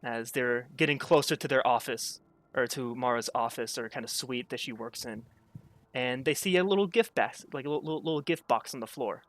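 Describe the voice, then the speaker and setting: A man's voice: mid-range voice, fairly quick, a bit bright, no echo. Casual male game master narrating a scene. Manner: casual, full of fillers and restarts.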